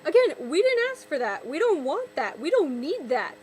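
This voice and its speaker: High-voiced woman ranting in exasperation. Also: very animated, moderate pace, a little mellow, slight background noise, poor audio. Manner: exasperated, sarcastic, repeats and restarts words. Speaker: vlogger. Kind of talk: ranting vlog commentary.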